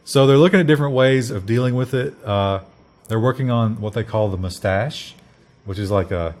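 A man's voice: mid-range voice, normal speed, a little mellow. An American man co-hosting a casual news chat, talking with wry joking asides. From United States. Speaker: podcast co-host.

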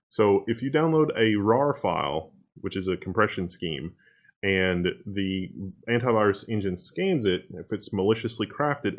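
Man, lowish voice, casual tech news chat, animated, exasperated. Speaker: podcast co-host.

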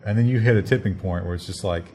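A man's voice: lowish voice, quick pace, warm tone. An American man co-hosting a casual news chat, talking with wry joking asides. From United States. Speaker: podcast co-host.

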